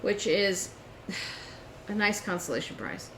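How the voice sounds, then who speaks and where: A woman on a chat show tells a story with lively energy and plays both sides of a phone call. The room is roomy and echoey, with a faint hiss underneath. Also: mid-range voice, slow pace, vocal fry. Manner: animated storytelling, acts out phone calls. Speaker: podcast co-host. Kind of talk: casual chat.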